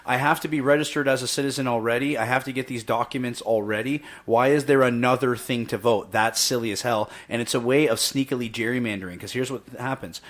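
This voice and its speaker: A man's voice: mid-range voice, fairly even intonation, fast, few pauses. A young man on a podcast as a guest, brash and fiery, swearing freely as he rants about politics. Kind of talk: heated political discussion.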